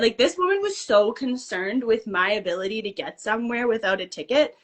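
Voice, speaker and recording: A woman guest telling a story in casual chat, animated and acting out the dialogue. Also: a little high, a little fast.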